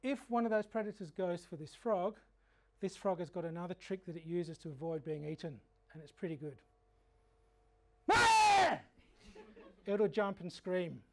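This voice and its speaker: An Australian man teaching a frog identification workshop in a fairly high voice. He tells humorous, animated stories between his explanations of frog habits. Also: moderate pace, a little hiss or hum. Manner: animated anecdotal storytelling. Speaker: frog educator. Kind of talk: workshop lecture.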